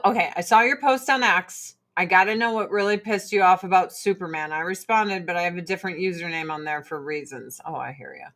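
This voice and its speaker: A middle-aged woman hosting a show, chatting casually in an animated, profane, rambling way. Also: mid-range voice. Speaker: host. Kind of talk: casual chat.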